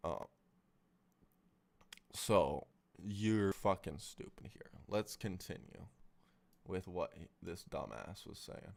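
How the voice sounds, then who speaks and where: A man's voice: deep voice, lively intonation, takes it slowly, gravelly, long pauses. A man streaming a reaction, angrily breaking down a clip and swearing constantly as he rants. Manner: angry, swears heavily, talks over the clip. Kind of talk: profane live reaction commentary.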